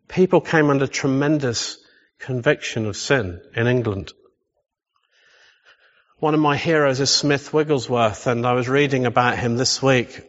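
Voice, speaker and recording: A man preaching a sermon, emphatic and full of rhetorical questions. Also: mid-range voice. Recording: echoey hall, slightly dull sound.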